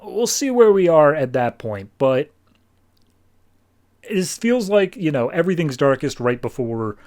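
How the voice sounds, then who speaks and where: A man's voice: a little high, very animated, a little slow, a little mellow. Chatty man recapping comics. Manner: chatty, paraphrases characters with "he's like". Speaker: podcast host. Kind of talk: casual comic book recap.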